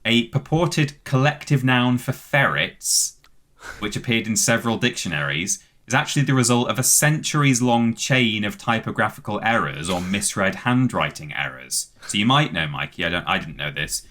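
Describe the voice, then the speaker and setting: A British man with a very low, deep voice and a bright, forceful edge explains facts at length on a podcast. He talks casually, full of "um"s, and spells out words letter by letter as he goes. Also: animated, normal speed. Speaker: podcast co-host. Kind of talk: casual chat, reading out facts.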